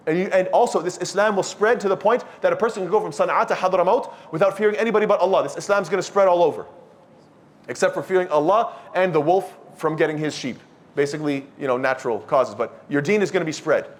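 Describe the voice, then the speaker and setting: Animated male preacher. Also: fast talker. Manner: animated, acts out imagined speakers, rising to emphatic pitch. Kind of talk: youth halaqa talk.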